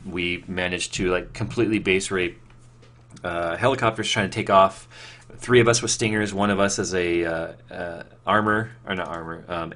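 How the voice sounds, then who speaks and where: A man with a slightly low voice talks loosely to his chat on a live stream. He rambles, trips over restarts and fills gaps with "um" and "like". He reads viewer questions aloud and answers them off the cuff. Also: fairly bright tone.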